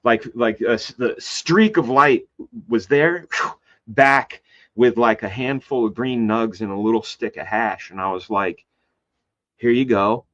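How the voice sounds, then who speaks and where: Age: adult. Sex: man. Style: lively storytelling. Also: unhurried. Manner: animated, acts out quoted voices with big pitch jumps; loose and rambling with many fillers and restarts. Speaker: guest; comic book artist. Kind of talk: casual storytelling in a conversation. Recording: slightly dull lo-fi sound.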